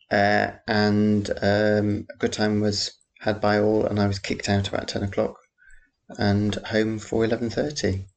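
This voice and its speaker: A man's voice: fairly low pitch, creaky. A man, chatting casually through a rambling diary-style update, often losing his thread and circling back. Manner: rambling, chatty, self-interrupting. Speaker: vlogger.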